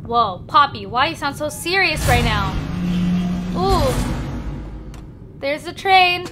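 Young woman gamer, very high and unhurried, jumpy and panicky play-by-play over game music. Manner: jumpy, excitable, panicky reactions. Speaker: gaming channel host. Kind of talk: horror game let's play commentary.

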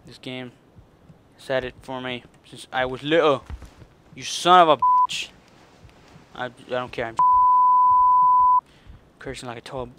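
A man's voice: mid-range voice, flat delivery, normal speed, pauses often, background noise. A man commenting on his own gameplay, muttering and cursing at the game in frustration. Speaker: gaming channel host. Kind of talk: let's play commentary.

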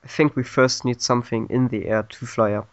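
A man's voice: medium pitch, steady tone, a little fast, no echo. A man in a mid-range voice hosts an online interview, reading questions aloud and laughing along between them. The sound is dry, with a muffled lo-fi call quality. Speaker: interviewer, host.

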